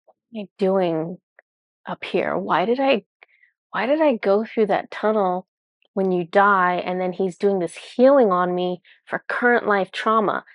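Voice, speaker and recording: A woman's voice: mid-range voice, measured pace, no echo. Chatty woman telling a spiritual story. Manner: chatty and rambling, full of "like" and self-corrections. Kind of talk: casual storytelling to viewers.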